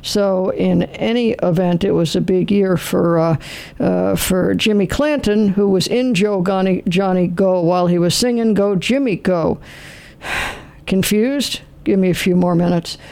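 A man's voice: sits high, measured pace, vocal fry, darkish tone. An older man hosting a radio show, rambling in casual talk with many fillers and self-corrections.

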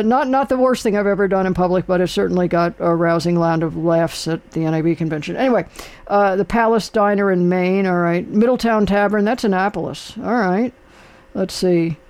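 A man's voice: high voice, normal speed, a little mellow, smooth. An older man hosting a casual talk show, rambling and chatty with lots of fillers. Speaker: radio host. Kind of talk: casual chat.

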